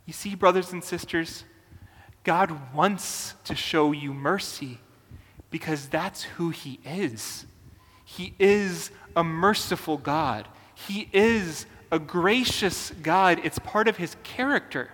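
A man preaching a sermon as a pastor, earnest and deliberate, with emphatic pauses. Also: high-pitched, pushed and bright, long reverb tail.

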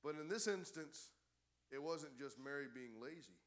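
A man preaching a sermon as pastor, building to loud, emphatic exhortation. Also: a little high, expressive, normal speed.

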